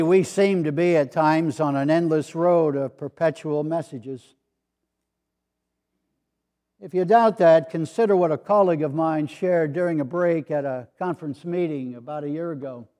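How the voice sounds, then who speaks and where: Preaching his sermon, an elderly retired pastor speaks in a high, mellow voice and takes his time, leaving long pauses. His storytelling carries a gentle humor, and he adopts different voices for the people he quotes.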